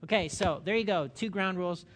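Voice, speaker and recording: In a church meeting room, a middle-aged man leads a Bible study, teaching conversationally and asking the group questions. His voice sits high and moves a little fast.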